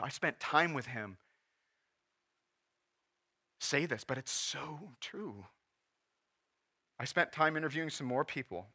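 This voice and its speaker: A man's voice: on the high side, normal speed, pauses often, bright, forceful tone, breathy edge. A man in his forties preaching a sermon as pastor, earnest and emotional, at times holding back tears. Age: 40s. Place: church.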